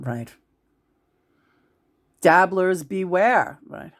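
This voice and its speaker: A woman with a deep voice and lively intonation, speaking a little slowly, talks casually as a psychic channeler about spirits. She rambles, often restarts and moves between loud and hushed.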